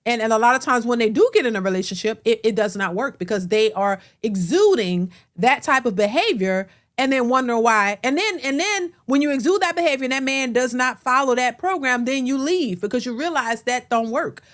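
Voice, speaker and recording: A woman's voice: a little high, animated, a little fast, hardly any pauses. A woman hosting a reaction video, ranting bluntly and emphatically to her viewers with plenty of cursing. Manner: blunt, emphatic, profane, addresses viewers directly.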